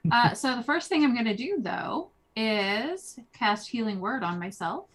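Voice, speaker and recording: A woman's voice: on the high side, lively intonation, a little slow, a bit bright. Woman carefully explaining her game moves. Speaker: player. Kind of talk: casual tabletop game talk.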